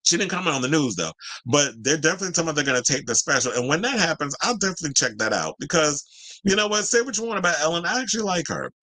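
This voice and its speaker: Bright-voiced man reading celebrity news. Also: on the high side, expressive, racing, poor audio. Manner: chatty, breaks off the article to give opinions, stumbles over names. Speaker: celebrity news commentary host. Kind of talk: reading a news article aloud with casual asides.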